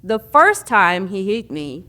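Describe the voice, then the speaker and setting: A woman's voice: medium pitch, very animated, slow, pushed and bright. A woman hosting a podcast interview, talking casually with lots of "like" and "you know" fillers, encouraging her listeners. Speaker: podcast host.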